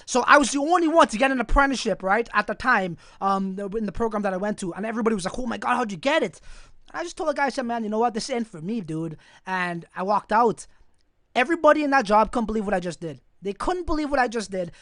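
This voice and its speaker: Young man, from Canada, livestream host, profane, animated, dry room. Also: high voice, quick pace, dry recording. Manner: profane, animated, talks straight to viewers. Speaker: crypto channel host. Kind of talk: casual livestream storytelling.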